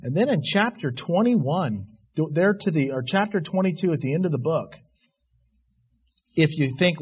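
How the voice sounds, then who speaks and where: A man preaching a sermon, swinging between loud emphatic declarations and quiet asides. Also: fairly high pitch, animated, moderate pace, slightly rough, lo-fi sound. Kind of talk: sermon on Revelation.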